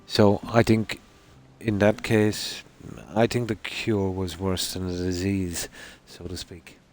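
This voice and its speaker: At night in a room at home, a man narrates his gameplay for a live stream in a low, level, slightly mellow voice. He drifts along easily, pausing often and saying "you know" a lot.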